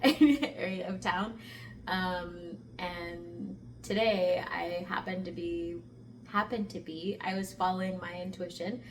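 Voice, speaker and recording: A woman telling a travel story to camera in a casual, animated way, laughing often and saying "like" a lot. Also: on the low side, recorded from a distance, slight background noise. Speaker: spiritual vlogger.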